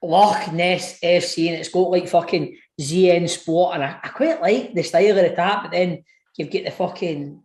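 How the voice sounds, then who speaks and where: A man's voice: sits high, moderate pace. A man co-hosting a football podcast, chatting casually with lots of swearing and laughter. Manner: animated, swears often, laughs a lot. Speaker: podcast co-host. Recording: echoey room with faint noise.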